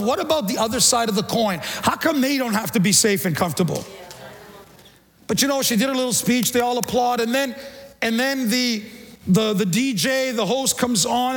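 A middle-aged male pastor preaching a sermon in a church, animated, stumbling over repeated words and acting out the voices he quotes. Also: high-pitched. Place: church sanctuary. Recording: long church reverb.

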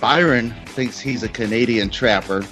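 A man hosting a podcast, introducing the episode in a relaxed, joking way. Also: mid-range voice, normal speed, faint music behind. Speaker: podcast host. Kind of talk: casual podcast intro and banter.

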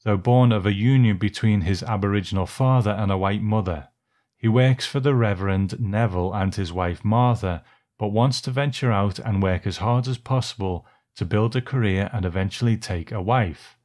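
Easygoing low-voiced male podcast co-host. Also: moderate pace, a little mellow. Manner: easygoing, laughs easily. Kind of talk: casual chat and reading a plot summary.

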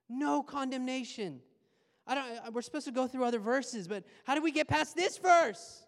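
Animated preaching man in a reverberant hall. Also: extremely high pitch, moderate pace, vocal fry. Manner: animated, conversational preaching with playful asides. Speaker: pastor. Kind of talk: sermon.

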